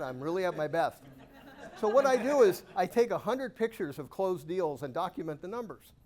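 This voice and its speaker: A man giving a keynote talk to a live audience, telling lively, self-amused stories and asking the room questions. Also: on the high side. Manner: animated, self-amused anecdotes with rhetorical questions. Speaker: guest speaker at a real estate investor club.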